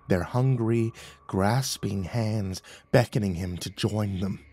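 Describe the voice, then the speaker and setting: A man narrating a horror story, swinging from hushed to loud and urgent. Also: on the low side, creaky, slightly rough.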